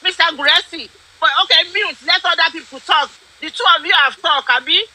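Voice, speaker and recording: A woman's voice: extremely high pitch, a little fast, bright, forceful tone. A woman moderating a heated online discussion, cutting in to hand the floor to others. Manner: bossy, cuts in to moderate.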